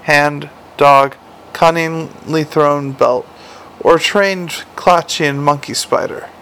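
A man's voice: fairly high pitch, slow, fairly bright tone, slight background noise. A man narrating a comic novel aloud with a dry, wry delivery. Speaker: audiobook narrator.

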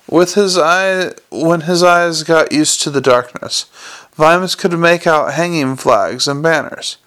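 A man reads a storybook aloud in a measured way. He sometimes slips and corrects himself, and his voice sits slightly high for a man. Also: fairly bright tone. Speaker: audiobook reader. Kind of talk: storybook narration.

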